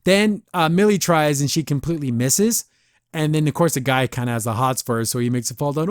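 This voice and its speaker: A man's voice: a little high, fairly quick, no room sound, clean studio sound. A man hosting a podcast, casually reviewing an episode, rambling and laughing often. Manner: chatty, rambling, laughs often, says "I don't know" a lot. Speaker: podcast host.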